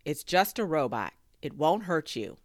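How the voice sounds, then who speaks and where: Woman as kindly old tinkerer, low, steady, storybook read. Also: unhurried, dry recording, clean studio sound. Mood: calm. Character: kindly older male inventor and handyman.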